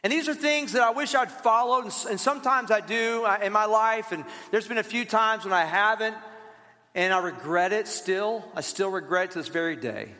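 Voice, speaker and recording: A man preaching a sermon as pastor, telling lively stories and calling on the congregation to read along. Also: high-pitched, normal speed. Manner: lively storytelling with asides to the congregation. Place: church. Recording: reverberant church hall.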